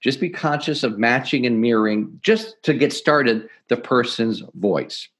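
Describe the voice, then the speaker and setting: Energetic man coaching on sales. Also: mid-range voice, unhurried. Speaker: sales expert guest. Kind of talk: podcast interview, teaching sales tips.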